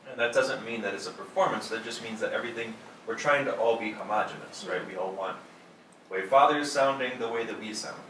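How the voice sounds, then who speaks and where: A man's voice: mid-range voice, fairly quick, a bit bright, slight background noise. A man casually teaching church readers, tagging his points with "right?". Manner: conversational, often ends points with "right?". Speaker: workshop instructor for church readers. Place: church hall. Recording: echoey room, mic from a distance.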